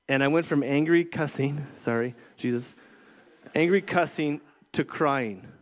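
Conversational man preaching to a room. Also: fairly high pitch. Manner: conversational, keeps checking in with "right?". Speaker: youth ministry director preaching. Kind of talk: sermon. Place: church room with an audience.

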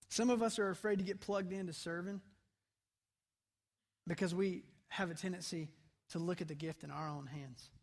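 A man preaching a sermon as pastor in a church, conversational, dropping to soft intense tones for emphasis. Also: high-pitched. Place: church sanctuary.

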